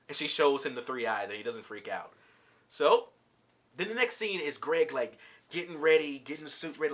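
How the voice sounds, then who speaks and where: A man recapping a cartoon episode for his vlog in a loose, slangy storytelling style. His voice sits a touch high and bright, with lively swings in pitch. He talks like he's chatting with friends. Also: normal speed.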